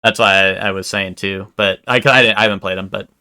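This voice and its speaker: A man's voice: low voice, little pitch movement, fast talker, bright, forceful tone, clean tone. A man live-streaming, chatting casually with his viewers in a rambling way, full of "like" and "um" and casual swearing.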